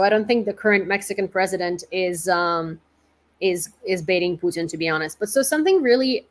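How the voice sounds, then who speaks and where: Chatty woman commentating news. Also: mid-range voice. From Ukraine. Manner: chatty and informal, many fillers. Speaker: independent reporter and host. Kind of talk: casual news commentary livestream.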